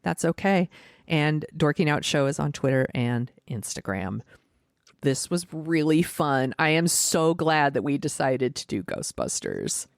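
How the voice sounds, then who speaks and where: A woman's voice: low voice, sing-song, unhurried, gravelly, no echo, studio quality. A woman co-hosting a podcast, wrapping up with upbeat show plugs in a casual chat. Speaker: podcast co-host.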